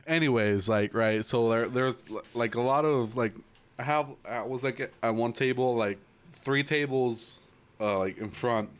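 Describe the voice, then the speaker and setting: A young man chatting casually with his friends, telling a long story that meanders with fillers and restarts. His voice sits at an ordinary middle pitch, and he keeps breaking into high, shrill impressions of the people he describes. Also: measured pace, clear, resonant tone. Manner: rambling, animated storytelling with lots of "like" and shrill impressions of others. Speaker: storyteller in a group chat. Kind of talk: casual chat.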